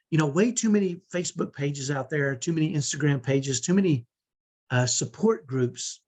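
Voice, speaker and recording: A man's voice: a little high, husky. A man in his fifties giving an online parenting training, earnest, motivational and direct. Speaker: parenting coach.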